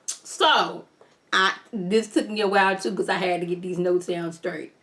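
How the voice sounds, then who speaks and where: A woman giving a casual, animated video recap of a TV episode, chatting directly to her viewers. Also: lowish voice, normal speed. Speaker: TV show reviewer.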